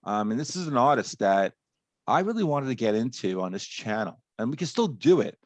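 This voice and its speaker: A man in his fifties co-hosts a music reaction chat with a lively, swinging voice. He teases his partner and laughs easily. The sound is close and dry. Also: medium pitch, fairly quick, dry recording. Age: 50s. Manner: lively, teasing, laughs often. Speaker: co-host of a music reaction show. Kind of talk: casual chat.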